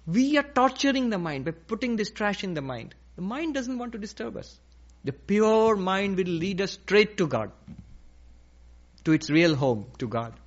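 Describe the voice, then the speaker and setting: A man giving a slow, emphatic spiritual lecture, repeating key phrases as he teaches. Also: sits high, very animated. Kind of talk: philosophical lecture. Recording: dull lo-fi recording.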